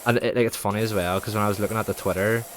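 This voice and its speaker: A man's voice: fairly low pitch, fairly even intonation, racing, a little hiss or hum, low-quality recording. A young man, rambling and swearing through casual stories while streaming a game. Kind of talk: casual chat while gaming.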